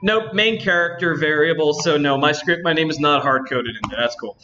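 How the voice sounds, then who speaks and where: A man's voice: a little high, a little fast, few pauses, sharp tone, dull audio, soft background music. A man hosting a convention panel, chatting to the audience and thinking aloud as he works. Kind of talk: live demo to an audience.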